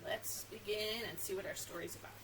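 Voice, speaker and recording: A woman children's librarian at story time, talking to young children in an animated, sing-song way and reading a picture book aloud. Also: medium pitch, brisk. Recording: distant mic with faint background noise.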